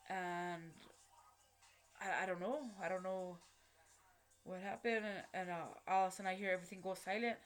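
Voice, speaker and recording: A woman telling a personal story straight to camera, blunt and heavily profane, halting and restarting as she goes. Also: lowish voice, steady tone, faint music behind. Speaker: vlogger recounting a personal story.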